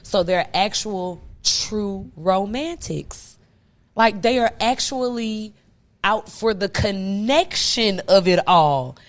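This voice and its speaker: A young woman hosts a casual podcast chat at an ordinary pitch. She talks in an animated, emphatic way and swears freely. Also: slow pace. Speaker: podcast host.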